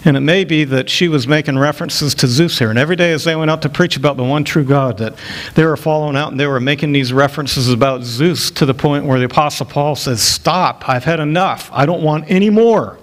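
A man's voice: fairly high pitch, steady tone, fast. A middle-aged male pastor preaching an expository sermon, rising to emphatic peaks when he quotes scripture.

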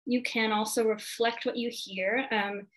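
A woman's voice: fairly high pitch, fairly even intonation, unhurried, poor audio. A woman presenting a parent workshop on test anxiety, talking earnestly and repeating key words for emphasis.

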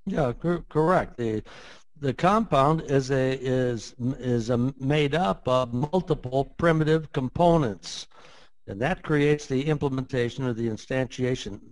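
A man's voice: medium pitch, a little slow, no room sound, rough recording. An older man explaining his ideas in conversation, emphatic and admittedly emotional, repeating points for force. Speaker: interview guest, framework creator.

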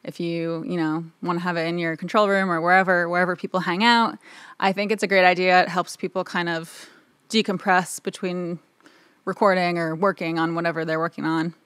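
A woman in her home recording studio, chatting to the camera in a rambling, easygoing way. Her voice sits on the low side, and the sound is close and dry with no room echo. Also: level tone, a little fast, a bit bright, clear, resonant tone. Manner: rambling, chatty, lots of filler words. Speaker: audio engineer and video host. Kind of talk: casual talk to camera.

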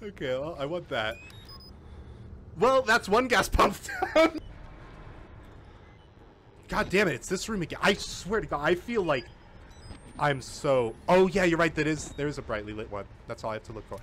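Male streamer, live gameplay commentary, panicky swearing and laughing, highish voice with big swings. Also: very animated, normal speed, long pauses, fairly bright tone, a little hiss or hum. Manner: swears often, bursts into panicked yelps and laughter. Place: at a computer, keyboard and mouse.

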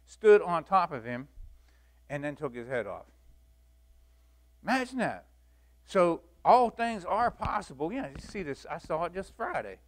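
Guy teaching sunday school, folksy and lively, voice sits a bit high. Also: unhurried, long pauses. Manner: folksy and animated, acts out Bible scenes, laughs often. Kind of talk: church Bible lesson.

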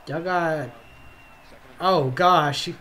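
A young man with a high voice reacts to a football game for his channel, talking in a slow, drawn-out way. He yelps and groans at the plays and tacks "bro" onto almost everything. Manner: excitable, yelps and drawls "bro" constantly. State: tired, yawning. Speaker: reaction video host. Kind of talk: casual game reaction commentary.

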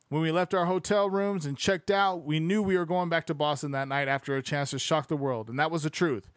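Young man reading aloud, higher voice. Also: fairly even intonation, a little fast, few pauses, clear, resonant tone, dry recording, clean studio sound. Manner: swears freely, loose and joking. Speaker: podcast host reading a book aloud. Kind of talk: casual read-aloud with off-the-cuff asides.

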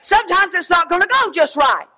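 Woman preacher, high voice, fervent sermon with shouts and soft asides. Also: expressive, fairly quick. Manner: fervent, swinging between shouted exhortation and quiet asides.

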